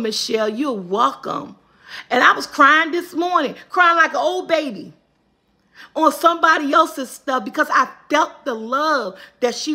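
High bright-voiced woman giving a pep talk. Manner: motivational, chatty, greets viewers by name; uses Southern US vernacular. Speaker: vlogger hosting a live morning check-in. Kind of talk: casual live-stream pep talk.

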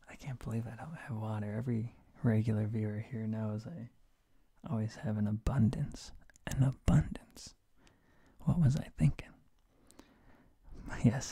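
A man in a whispered role-play as a sleepy teacher, talking slowly and softly with a gravelly edge. His voice is hoarse from a sore throat and sits close on a dry mic. He drops deadpan jokes in the same hushed tone. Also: mid-range voice, no room sound. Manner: soft, sleepy, with deadpan joke mispronunciations. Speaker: streamer playing a Spanish teacher.

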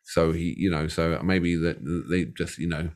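A man's voice: low-pitched, level tone, moderate pace, darkish tone. A man co-hosting a music reaction video, chatting casually, rambling and joking with the odd swear word. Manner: jokey, rambling, swears freely. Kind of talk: casual chat.

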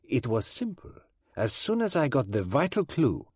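A man voicing a fussy elderly male detective, speaking precisely, gently and in a measured way in an audiobook. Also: mid-range voice, very animated, husky, dry recording, studio quality. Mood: explaining. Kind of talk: audiobook character voice.

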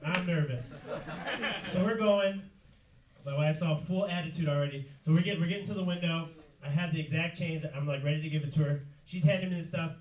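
A man's voice: a little high, brisk. A young man doing a stand-up comedy set on a club stage, telling stories in a sheepish way and acting out the other people in them. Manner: sheepish storytelling, acts out other people's lines. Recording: echoey club with noise, from a distance. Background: audience laughter.

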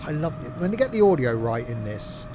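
A man's voice: a little high, big pitch swings, fairly quick, background noise. A man streaming a train game live, rambling through jokey commentary full of "uh" fillers. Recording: train game sounds under voice.

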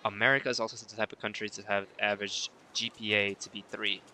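A man's voice: lowish voice, flat delivery, fast, sharp tone, slight background noise. A man chatting casually on a live stream while he plays, reading viewer messages aloud and answering them playfully.

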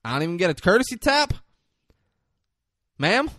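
A menacing middle-aged road-rage driver, as a man puts him on while retelling a film. He needles in a dry, close voice that sits a touch high, and his anger keeps building. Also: big pitch swings, normal speed, a bit bright, dry recording. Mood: needling.

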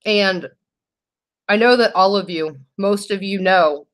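A woman's voice: mid-range voice, slow pace, a bit bright. A woman, chatting casually on a beauty livestream, emotional and grateful while reading viewers' comments. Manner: emotional, grateful, tearful at times. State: teary.

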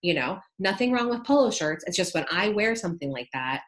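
A woman's voice: medium pitch, sing-song, brisk. A woman, a podcast guest talking earnestly and reflectively in a casual interview. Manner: earnest, reflective, uses like and you know.

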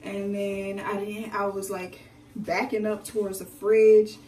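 A young woman, a beauty vlogger, chatting casually with viewers in an animated way as she tells a personal story during a hair routine at home. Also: medium pitch, unhurried, far from the mic, a little hiss or hum. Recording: echoey room, away from the mic.

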